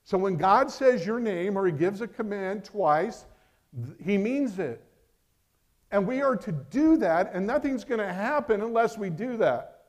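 Preaching at a measured pace, a middle-aged pastor uses a high-pitched, expressive voice. His emphatic sermon swings between loud declarations and hushed asides.

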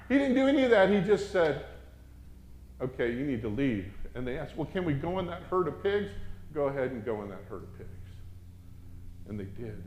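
A man preaching a sermon, swinging from loud, urgent exhortation down to hushed, reverent tones. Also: mid-range voice, roomy sound, slight background noise.

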